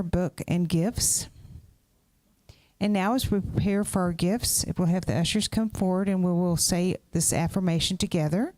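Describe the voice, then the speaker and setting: A woman's voice: mid-range voice, darkish tone, no echo. A woman giving casual church announcements, chatty and correcting herself as she goes.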